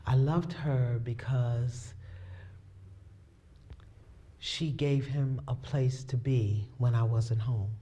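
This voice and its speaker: A woman on a talk show telling a personal story of forgiveness, laughing often, acting out her own thoughts and sometimes dropping to a hushed near-whisper. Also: extremely low pitch, steady tone, slow, pauses often. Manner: drops to hushed near-whispers at tender moments.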